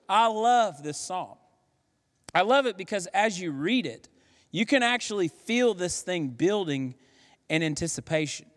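A man preaching a sermon as a pastor in a church sanctuary, emphatic, building from hushed passages to excited, punchy delivery. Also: high voice, unhurried. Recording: long hall reverb.

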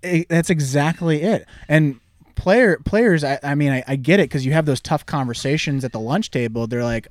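A man's voice: a little high, normal speed, no echo, clean studio sound. A man in his thirties, a youth baseball coach, chatting earnestly and sometimes stumbling over his words. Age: 30s. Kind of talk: casual podcast chat.

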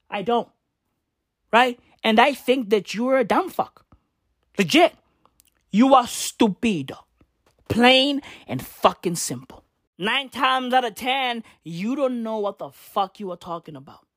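A woman's voice: on the high side, dry recording, clean studio sound. A young woman, ranting in slangy, profane commentary and repeating tag questions. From South Africa. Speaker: vlogger.

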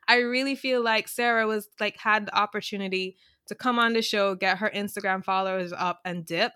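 A woman's voice: medium pitch, a bit bright, dry recording, clean studio sound. A woman co-hosting a podcast, chatting casually and animatedly, laughing often as she retells a reality show. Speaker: podcast co-host. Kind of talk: casual chat.

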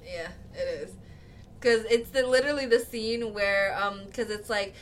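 A woman's voice: medium pitch, a little slow, slight background noise. A young woman co-hosting a casual podcast, rambling with lots of fillers and giggles. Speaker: podcast co-host. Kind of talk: casual chat.

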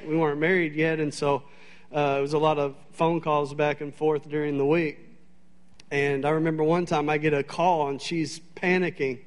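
High-voiced storytelling preacher man. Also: moderate pace. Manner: animated, chatty storyteller with frequent fillers. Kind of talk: sermon with humorous storytelling. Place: church sanctuary.

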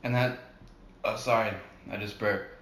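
A man's voice: fairly low pitch, fairly even intonation, moderate pace, a bit bright, reverberant. A young man from New Jersey co-hosting a casual podcast chat, goofy and full of surfer slang. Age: young adult. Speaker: podcast co-host.

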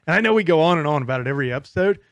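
A man's voice: a little high, expressive, racing, no echo. Profane joking man in his forties. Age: 40s. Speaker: podcast co-host. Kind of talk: casual chat. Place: studio.

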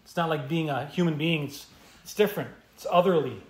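A man's voice: fairly high pitch, brisk, roomy sound. A male pastor preaching an expository sermon, emphatic and repeating key phrases for stress. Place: church.

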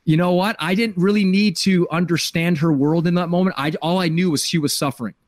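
A man's voice: high voice, fairly even intonation, a little fast, no room sound. A middle-aged man hosting a podcast, telling an emotional personal story in an earnest way and often repeating words as he searches for them. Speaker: podcast host.

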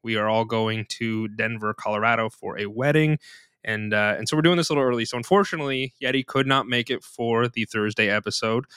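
A man with a bright, forceful voice hosts a casual podcast. His pitch sits in a middle range, and he talks in a chatty, informal way. The sound is dry and close. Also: fairly even intonation, fairly quick, clean tone, dry recording. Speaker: podcast host.

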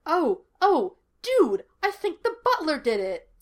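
Woman reading as an excitable, teasing young detective. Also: fairly high pitch, natural voice. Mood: excited. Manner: excitable, teasing, quick banter. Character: lively wisecracking young male psychic detective.

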